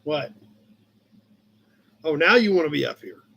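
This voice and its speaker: A man with a fairly high voice hosts a relaxed live chat from his shop office. He rambles through old car magazine pages in an easygoing way and breaks off now and then to talk to his cat. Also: a little slow, gravelly, breathy edge. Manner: rambling, chatty, talks to his cat between comments. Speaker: livestream host.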